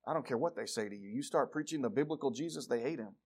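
A male preacher giving a sermon, reading scripture and moving from loud declarations to quiet asides. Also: medium pitch, quick pace, slightly rough. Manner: reads scripture aloud in King James wording.

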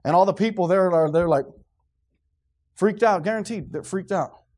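A man's voice: high-pitched, moderate pace, pauses often, a little mellow. A man preaching a sermon in a church, fervent and sarcastic and quizzing his congregation. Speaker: pastor.

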